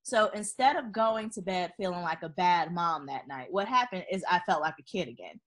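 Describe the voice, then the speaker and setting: A woman telling a personal story in casual conversation, expressive and animated, laughing often. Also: fairly low pitch, moderate pace. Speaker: guest.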